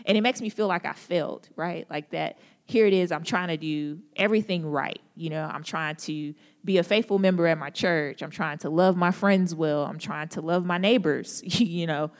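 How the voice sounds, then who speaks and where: A woman's voice: fairly low pitch, moderate pace, few pauses. A young woman speaking at a church gathering, who opens with prayer and then gives a casual, relatable talk full of jokes and laughs. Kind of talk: conversational devotional talk opened with prayer. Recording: echoey hall with long reverb.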